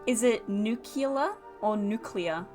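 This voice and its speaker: A woman's voice: a little high, big pitch swings, moderate pace, fairly bright tone, soft background music. A young woman streaming as she draws, chatting casually with viewers and giggling often. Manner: chatty, giggly, talks to chat. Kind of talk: casual chat while drawing on stream.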